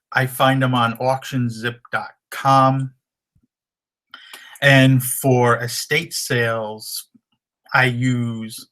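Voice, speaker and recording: A man with a slightly hoarse voice giving casual resale tips, rambling loosely and using many fillers. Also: mid-range voice, pushed and bright. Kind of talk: casual how-to talk.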